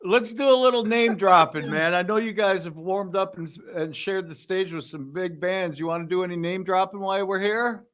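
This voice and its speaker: A man's voice: sits high, normal speed, few pauses, a bit bright. A man hosting a casual interview, easygoing and encouraging, with short affirmations as his guest talks. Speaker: interviewer host.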